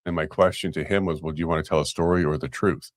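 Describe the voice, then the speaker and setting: A man co-hosting a casual talk show, relaxed and rambling with frequent chuckles. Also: rumbling low, fast, no room sound, studio quality. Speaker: co-host. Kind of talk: casual chat.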